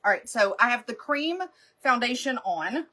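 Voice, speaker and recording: A woman with a highish, expressive, bright voice speaks forcefully at a normal pace. She's hosting a live makeup stream, chatting casually and wandering through stories while laughing a lot.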